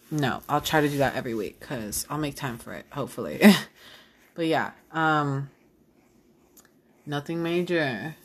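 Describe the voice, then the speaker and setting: Young female podcaster, low-pitched, late-night rambling, self-deprecating, lots of "um" and "like". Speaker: podcast host. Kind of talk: casual solo podcast.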